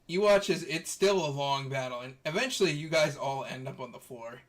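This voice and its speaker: A man narrates a tabletop role-playing session as its game master. His voice sits at an ordinary middle pitch, and he talks in a loose, easygoing way, often restarting his sentences as he goes. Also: brisk. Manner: relaxed storytelling with fillers and restarts.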